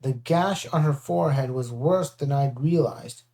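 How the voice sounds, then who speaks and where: A first-person audiobook reading, lively and shifting into character voices. The timbre sits dark and mellow at a middle pitch. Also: a little slow. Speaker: audiobook narrator.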